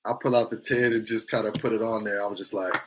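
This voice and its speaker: A man hosting a morning show, telling a story in a casual, animated and profane way, acting out the lines of the people in it. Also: fairly low pitch, fast, noisy background.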